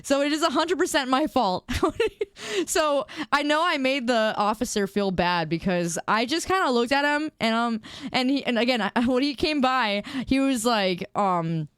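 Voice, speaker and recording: A young woman streamer talks casually to her viewers in a smooth, slightly high voice, laughing often at herself as she goes. She is recorded close on a dry mic, with no room sound around her. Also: expressive, moderate pace, no room sound. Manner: chatty, giggly, self-deprecating storytelling.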